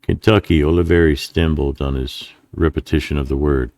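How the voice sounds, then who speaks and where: Male narrator, western audiobook reader, very deep voice, dry close sound, steady and deliberate. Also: dry recording.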